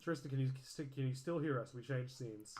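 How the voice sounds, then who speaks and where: A man hosting a casual livestream podcast, bantering quickly with lots of stammered restarts. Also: mid-range voice, darkish tone, slight background noise. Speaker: podcast host.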